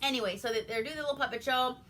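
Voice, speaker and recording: A woman's voice: high voice, very fast, bright, forceful tone, slight background noise. A woman from Alaska recapping an old movie in a rambling, foul-mouthed, laughing way. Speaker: movie reviewer. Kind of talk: casual profane movie recap.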